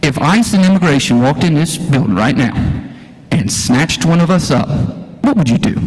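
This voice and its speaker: Man, impassioned folksy speech, rhetorical questions, slightly high voice, echoey church hall. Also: lively intonation, moderate pace, darkish tone. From Louisiana. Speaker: school teacher speaking at a town hall. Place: church hall, live audience. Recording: echoey hall, live stream.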